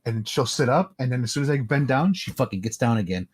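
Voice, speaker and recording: A man in casual podcast chat, telling relaxed, sweary stories about his dog. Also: mid-range voice, fast, slightly rough. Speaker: podcast co-host.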